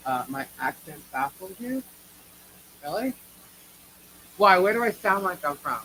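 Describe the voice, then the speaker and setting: This livestream co-host is a New York woman who reacts to viewers in casual live chat, blunt and opinionated and cursing freely. She speaks a little slowly in a fairly low, sharp-toned voice with big swings in pitch. Audio quality is poor, and there's some light noise in the background.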